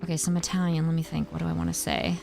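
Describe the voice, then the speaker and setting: A woman's voice: low voice, racing, creaky. Chatty woman streamer, faint music behind. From United States. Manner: chatty, answers chat, animated exclamations. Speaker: game streamer. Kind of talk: casual chat while gaming.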